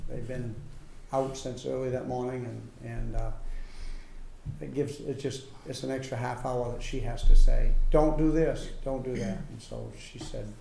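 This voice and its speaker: Slow, gravelly man giving a halting report. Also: mid-range voice, level tone, mellow. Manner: halting, full of fillers and restarts. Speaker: former town selectman giving a report. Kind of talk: informal spoken report at a public meeting. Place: town office meeting room. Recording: echoey room, faint hum.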